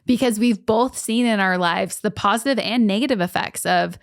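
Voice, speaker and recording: A woman's voice: medium pitch, normal speed, dry recording, clean studio sound. Earnest storytelling woman podcast co-host. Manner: earnest, storytelling, frequent "like" fillers. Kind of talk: casual podcast chat.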